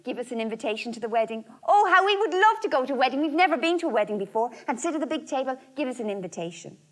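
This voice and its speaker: A woman voicing three strange old spinning women, excited and eager. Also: sits high, very fast. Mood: pleading. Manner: excited, chiming in together.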